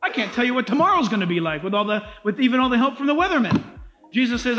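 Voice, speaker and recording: A male pastor preaching a sermon, animated and dramatic in his emphasis. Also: very high-pitched, fast, soft background music.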